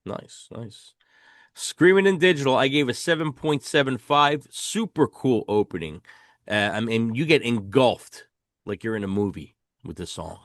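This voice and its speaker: A man's voice: medium pitch, lively intonation, normal speed, no echo, studio quality. Enthusiastic man hosting a casual review. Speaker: podcast host. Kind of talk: casual album review chat.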